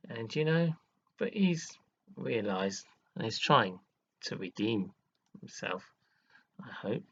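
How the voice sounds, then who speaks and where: This live streamer has a fairly low, somewhat bright voice with a breathy edge and lively intonation, speaking slowly over dull audio. His emotional monologue is dramatic and earnest, swinging between scolding and praising viewers, with sudden laughs and sighs.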